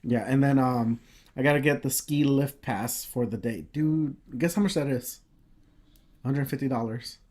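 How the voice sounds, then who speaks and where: Male podcast co-host, casual chat, halting and filler-heavy delivery. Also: medium pitch, darkish tone. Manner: rambling, lots of ums and uhs.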